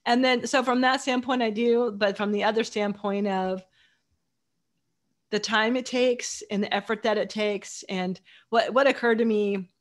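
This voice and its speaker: A woman's voice: on the high side, steady tone, unhurried. A woman author as a guest, chatting casually and enthusiastically in long run-on sentences. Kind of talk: casual chat.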